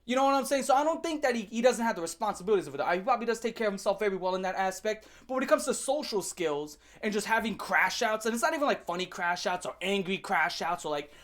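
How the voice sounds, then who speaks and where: A woman's voice: mid-range voice, lively intonation, fast, few pauses. A woman ranting in commentary, heated and mocking, rambling with many restarts. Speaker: commentary ranter. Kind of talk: rant commentary.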